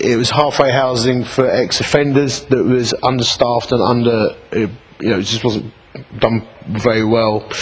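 A middle-aged vicar preaching through a personal story. His pitch swings widely as he acts out the people in his anecdotes, with a self-mocking, animated delivery at a mid-range male pitch. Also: husky, rough recording. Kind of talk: storytelling sermon.

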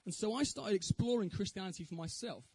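A man's voice: high voice, lively intonation, fast talker, darkish tone, breathy edge, rough recording. A man giving an evangelistic talk with his personal testimony, earnest and posing questions to the audience. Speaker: speaker giving a Christian talk.

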